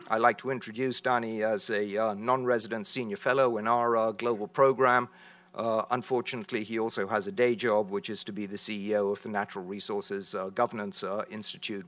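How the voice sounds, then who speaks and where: Man, lowish voice, panel host, halting, lots of uhs. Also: a bit bright, no room sound. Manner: halting, many filler uhs. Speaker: event host. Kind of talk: introducing a panel.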